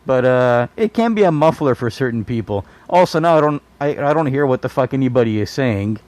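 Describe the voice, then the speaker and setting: A man's voice: medium pitch, animated, brisk, darkish tone, no room sound. Man ranting, swearing, exasperated. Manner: profane, exasperated ranting with laughs. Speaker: podcast host. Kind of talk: solo comedic rant.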